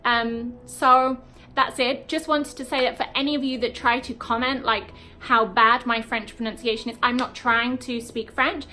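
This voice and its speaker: A young British woman with a British accent teaching English in a chatty way, with frequent "um" and "okay" and slow demonstrations of words. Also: fairly high pitch, steady tone, pushed and bright, soft background music. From Britain. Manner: chatty, frequent ums and okays, slow deliberate word demos. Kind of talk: online English lesson.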